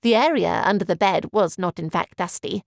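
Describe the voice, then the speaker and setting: A woman reads an audiobook aloud in measured, even narration. Her voice carries a gravelly texture, and the recording is dry and close, with no room sound. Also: on the low side, dry recording. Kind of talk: scripted narration.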